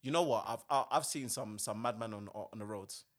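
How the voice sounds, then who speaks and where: A young man from hosting a podcast in casual chat, animated and laughing often, stammering through restarts. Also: on the low side, a little fast. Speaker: podcast host.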